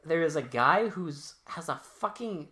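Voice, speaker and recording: A man's voice: on the high side, expressive, unhurried, bright, forceful tone. A man co-hosting a podcast, recapping a movie in casual chat, swearing freely and acting out the characters' lines. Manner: profane, joking, acts out characters' lines. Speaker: podcast co-host.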